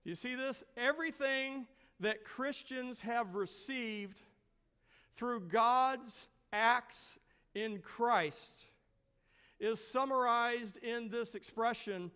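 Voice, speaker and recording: A high-pitched male pastor delivers a sermon at an unhurried pace, leaning on drawn-out emphasis and rhetorical questions. His voice rings with the long reverb of a church sanctuary. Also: sharp tone, clean tone.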